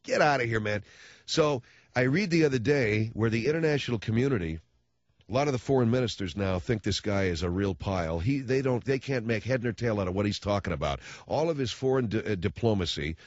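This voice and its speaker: A man's voice: fairly low pitch, lively intonation, a little fast, no echo, dull audio. A man hosting a talk radio show, ranting about politics in a sarcastic, mocking way.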